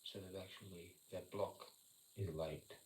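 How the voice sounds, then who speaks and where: A man's voice: deep voice, steady tone, unhurried. A man chatting casually on a livestream, rambling, swearing and making sound effects as he talks. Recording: echoey room with loud background noise.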